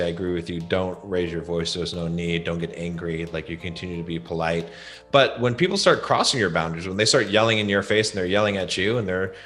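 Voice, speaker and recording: A man's voice: low voice, a bit bright. A man talking as a podcast guest, giving blunt, emphatic advice and often repeating words. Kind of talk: casual advice talk.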